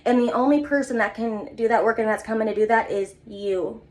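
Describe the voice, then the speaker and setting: Earnest, rambling woman, fairly high voice. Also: brisk. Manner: earnest, rambling, repeats herself. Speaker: vlogger. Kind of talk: casual motivational monologue.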